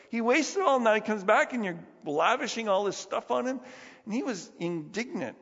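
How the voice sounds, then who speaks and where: A man's voice: high-pitched, animated, normal speed, fairly bright tone, slightly rough. A man preaching a sermon as pastor, conversational and emphatic, acting out the lines he quotes. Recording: dull lo-fi sound, long hall reverb.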